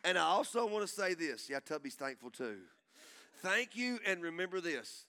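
A male pastor preaching a sermon in an emphatic, folksy way, repeating phrases and building up to shouts. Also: sits high, a little fast. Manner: emphatic, repetitive, swells into shouting; folksy and country in tone.

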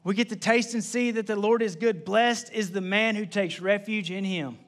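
High-voiced young man preaching casually. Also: normal speed. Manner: casual, repetitive preaching with conversational asides. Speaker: pastor. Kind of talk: sermon.

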